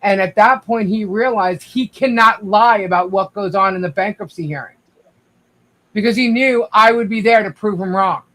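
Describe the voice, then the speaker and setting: A man with a high voice tells his side at length, circling back with restarts and fillers. He keeps turning to speak to the viewers directly in a casual livestream chat. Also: moderate pace, sharp tone, poor audio. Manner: rambling, restarts, addresses viewers. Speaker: guest.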